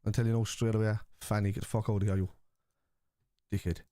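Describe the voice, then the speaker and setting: Sweary streamer with a low, mellow voice. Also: male voice, level tone, fast talker, no room sound, studio quality. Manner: blunt, sweary and combative with viewers. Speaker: football watchalong streamer. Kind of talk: live stream chat reacting to viewers.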